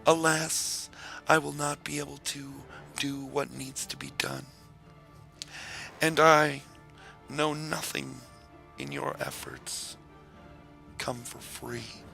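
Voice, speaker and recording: A man's voice: medium pitch, expressive, slow, creaky, pauses often, sharp tone, soft background music, heavily acted. A man voicing a scheming male goblin king who is also a lich, speaking with sly, mocking politeness. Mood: mock polite.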